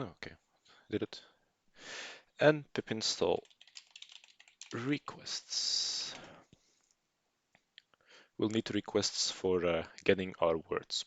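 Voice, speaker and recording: Low, gravelly male tutor, dry and close, unscripted explaining over his screen, dull lo-fi voice-over. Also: expressive, slow, long pauses, a bit bright, no echo. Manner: casual, unscripted explaining with fillers and restarts. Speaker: programming tutor. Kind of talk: screencast coding tutorial narration.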